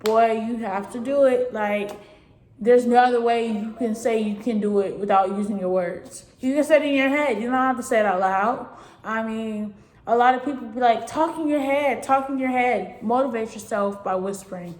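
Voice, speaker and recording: Earnest rambling young vlogger, roomy sound. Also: female voice, a little high, moderate pace, darkish tone. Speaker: vlogger giving advice. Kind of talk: casual spoken advice. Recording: echoey room.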